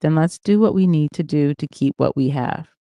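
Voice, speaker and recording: Reader doing a pushy wealthy man; coaxing, controlling, dark mellow tone. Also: medium pitch, normal speed, dry recording, close to an everyday voice.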